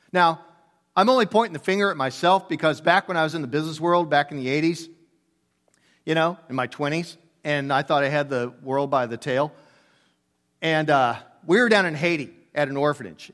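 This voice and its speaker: An older man in his sixties delivers a sermon with animated, emphatic storytelling. His voice sits slightly higher than most men's, and he drops in casual asides between points. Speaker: pastor.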